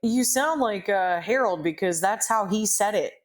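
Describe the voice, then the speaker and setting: Animated, laughing woman podcast co-host. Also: medium pitch, normal speed. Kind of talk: casual chat.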